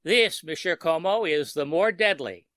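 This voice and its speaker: A man's voice: a little high, animated, sharp tone, no room sound, studio quality. A man voicing a coldly gloating wizard. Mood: menacing. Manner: slow, menacing and precise.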